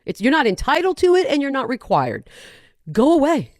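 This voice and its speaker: A woman hosting a podcast in casual chat, animated and sarcastic, often breaking into rants. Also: high-pitched, brisk, no room sound, clean studio sound. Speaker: podcast host.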